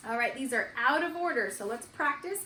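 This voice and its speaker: Lady teacher doing morning meeting for little kids, kinda high voice, echoey room with faint hum. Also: lively intonation, a little fast. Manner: bright sing-song teacher voice, praising often. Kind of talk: kindergarten distance-learning morning meeting. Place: home.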